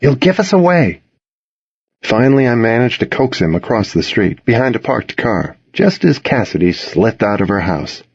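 A man with a low, husky voice narrates a novel in the first person, unhurried and close. The sound is dry with no room around it, and the recording is a little dull and lo-fi. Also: expressive, no room sound. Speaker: audiobook narrator.

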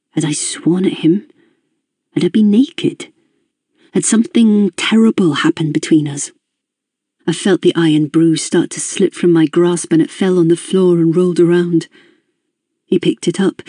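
An audiobook narrator giving a measured, introspective first-person reading of a novel. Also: mid-range voice, mellow, no echo, clean studio sound.

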